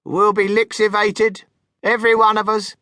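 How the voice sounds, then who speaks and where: A man voicing a fretful elderly grandmother who wails in a drawn-out, dramatic way, read for a storybook. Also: fairly high pitch, sing-song, bright, forceful tone, dry recording, clean studio sound, heavily acted. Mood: fearful. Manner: drawn-out, wailing.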